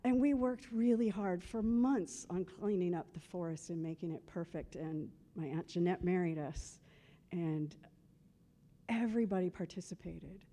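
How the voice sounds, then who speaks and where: With a lowish, dark voice at a moderate pace, a woman delivers her husband's eulogy at a memorial service, full of humor and reenacted conversations from the past.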